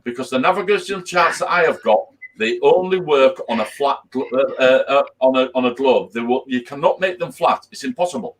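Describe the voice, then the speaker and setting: A man's voice: medium pitch, a little fast, few pauses. A man in his fifties hosting his own birthday live stream, arguing emphatically and repeating himself in casual group chat. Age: 50s.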